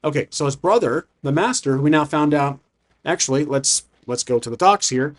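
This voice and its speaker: A man's voice: fairly high pitch, animated, fairly quick. A man narrating a solo tabletop game casually, thinking aloud with frequent restarts and self-corrections. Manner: casual, conversational. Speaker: solo game master and player.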